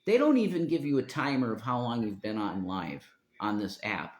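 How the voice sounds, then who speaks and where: A man's voice: mid-range voice, lively intonation, normal speed. A man talking on his own live stream in a meandering, profane monologue, often trailing off mid-sentence. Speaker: livestreamer. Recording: roomy echo.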